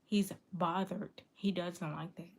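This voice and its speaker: Low gravelly woman, earnest and repetitive. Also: fairly even intonation, slow, a little mellow. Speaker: livestream vlogger reading viewer comments. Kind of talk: casual confessional talk to viewers.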